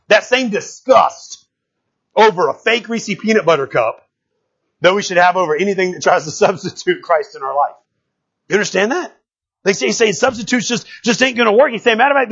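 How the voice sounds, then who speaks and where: Male pastor with a high, husky voice, conversational preaching that swings from quiet asides to shouts. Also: fairly quick, dull audio. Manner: animated, conversational preaching with frequent "right?" asides; swings from low murmurs to shouted outbursts. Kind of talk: sermon.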